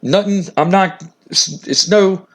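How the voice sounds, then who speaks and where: An earnest male wrestling champion offers a rival his respect, repeating himself as he reassures, voiced by a man recapping a game. The voice sits fairly high, with a casual, unpolished delivery. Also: slow.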